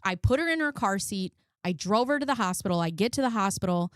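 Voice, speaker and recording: A woman's voice: medium pitch, animated, fast talker, no room sound, clean studio sound. A woman in her forties talking casually and bluntly, swearing often as she tells a personal story on her commentary channel. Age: 40s. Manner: blunt, frequent swearing, emotional. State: close to tears.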